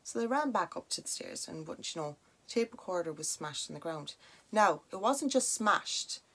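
Irish girl chatting through a spooky story, low voice, lots of "like" and "now". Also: normal speed. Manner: chatty, animated, with many "like" and "now" asides. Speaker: podcast host. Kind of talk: casual spoken storytelling.

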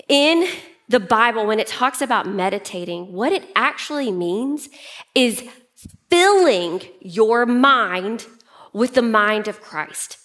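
Animated woman pastor preaching. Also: fairly high pitch. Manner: animated, playful teaching with acted-out examples. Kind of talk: sermon.

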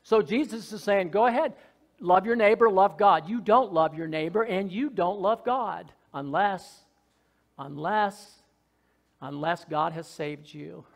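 A man preaches a sermon in a high, fervent voice. He is folksy and joking, drops to soft asides, then rises to loud shouted lines. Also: unhurried, vocal fry. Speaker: pastor.

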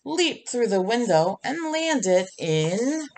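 A woman reading a children's picture book aloud in a gentle, expressive storytelling manner. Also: on the high side, slow, a little hiss or hum. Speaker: storybook reader.

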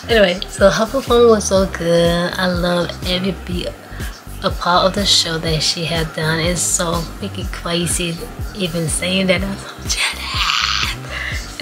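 A young woman, chatting excitedly to her viewers and telling a story in a casual vlog. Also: lowish voice. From Atlanta, USA. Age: 20s. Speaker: vlogger.

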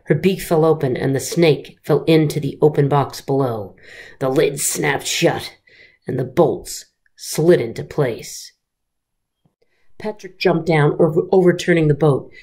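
A teacher reading a children's story aloud in an expressive, unhurried way. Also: female voice, low-pitched.

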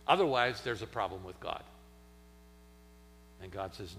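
A man preaching a sermon in a church, dramatic, swinging from loud emphasis to near-whispers. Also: sits low, animated, unhurried, in a large hall, slight background noise. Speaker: pastor. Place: church sanctuary.

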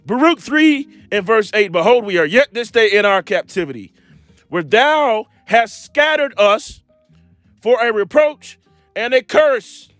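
A man preaching an impromptu scripture lesson, reading verses slowly and mixing in street slang and blunt asides. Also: sits high, very animated, a bit bright, no room sound, faint music behind. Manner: preaching, reads scripture slowly and drawls key words; street slang, repeats himself, laughs at his own jabs.

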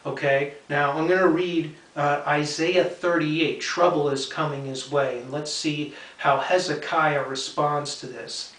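An earnest male Bible teacher with a somewhat high voice talks through scripture point by point. He keeps checking in with his listeners and hammers home each idea by repeating it. The sound is roomy, as though he stands a little away from the microphone. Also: fairly even intonation, measured pace, few pauses, a bit bright, distant mic. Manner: repeats key points for emphasis.

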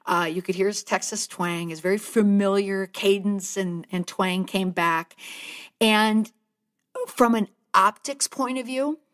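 A woman's voice: medium pitch, fairly bright tone. A woman hosting a podcast, giving conversational and heartfelt commentary and sometimes choking up. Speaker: podcast host and communications speaker.

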